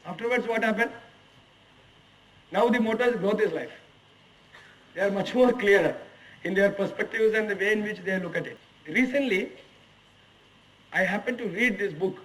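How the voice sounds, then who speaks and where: A man's voice: sits high, normal speed, pauses often, a bit bright, distant mic, rough recording. A man in his forties with an Indian English accent, giving a lecture to management students and asking them emphatic rhetorical questions. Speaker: HR executive giving a guest lecture. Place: lecture hall at a management institute.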